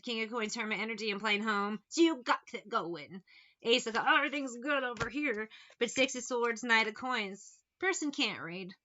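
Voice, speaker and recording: A woman's voice: a little high, bright, forceful tone, lo-fi sound. Blunt, swearing woman reading tarot. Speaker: tarot reader. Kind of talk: casual tarot reading monologue.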